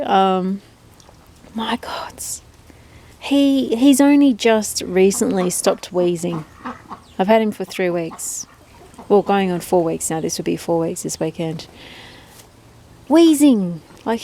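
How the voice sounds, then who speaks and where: Against a noisy outdoor backdrop, a woman with a medium-pitched voice keeps ducks and chats to the camera in a rambling vlog style. Between thoughts she coos baby talk at her birds.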